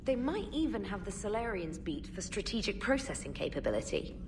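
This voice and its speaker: A brisk ship's AI. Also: female voice, mid-range voice, big pitch swings, recorded from a distance, noisy background. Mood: informative. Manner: brisk, informative reports.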